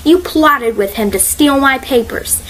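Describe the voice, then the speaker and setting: A woman's voice: sits high, a little slow, a little hiss or hum, voice pushed up. Storybook role: cranky elderly caretaker, read by a woman, quarrelsome and accusing. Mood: agitated. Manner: insistent, accusing.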